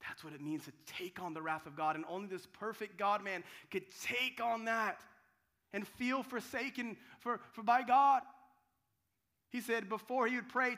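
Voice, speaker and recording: Pastor guy preaching, high bright voice, gets loud then goes real quiet, repeats himself a lot. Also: moderate pace. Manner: dramatic, swings from loud cries to hushed tones; restarts and repeats words while telling the story. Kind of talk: sermon.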